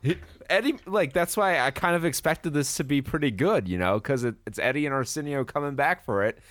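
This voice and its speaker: A man co-hosting a podcast, chatting casually about a movie, animated and swearing freely as he acts out lines from trailers. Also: a little high, fairly quick, dry recording. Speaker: podcast co-host. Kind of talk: casual movie review chat.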